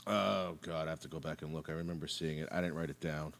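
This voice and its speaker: A man's voice: extremely low pitch, fast talker, creaky. A man co-hosting a podcast in casual chat, telling stories emphatically with plenty of swearing. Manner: animated, profane, emphatic storytelling. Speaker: podcast co-host.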